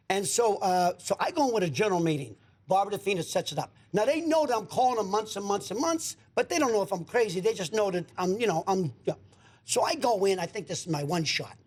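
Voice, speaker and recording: In a storytelling chat at a radio studio, a guest spins a long tale and acts out the voices of its characters. He is an animated storyteller who repeats words, and his voice sits high and sounds husky.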